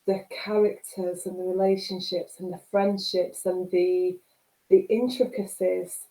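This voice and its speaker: A woman's voice: medium pitch, warm tone. A woman with a Mancunian accent, hosting a book club video chat, gushing and emotional as she rambles. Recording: roomy echo.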